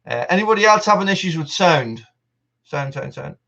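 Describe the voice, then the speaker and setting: A man's voice: fairly high pitch, lively intonation, moderate pace, gravelly, sharp tone, dull audio. A man hosting a casual live stream from an upstairs room at home, chatting to viewers in a rambling, self-mocking way while testing his microphones. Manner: rambling, self-mocking, restarts and laughs often. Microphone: testing camera mic and desk mic.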